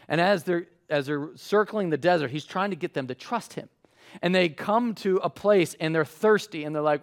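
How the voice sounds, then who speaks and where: A man preaching a sermon in a conversational way, acting out quotes with lively voices. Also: sits high, moderate pace. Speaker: pastor.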